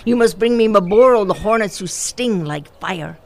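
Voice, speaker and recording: A woman's voice: medium pitch, moderate pace, a little mellow, close to an everyday voice. A woman voicing a lofty sky ruler in a told folktale, grand and commanding.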